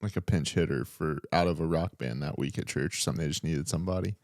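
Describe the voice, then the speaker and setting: Deep-voiced young man joking on a podcast. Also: fast, darkish tone, dry recording, clean studio sound. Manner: laid-back, joking, laughs often. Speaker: podcast co-host. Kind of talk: casual chat.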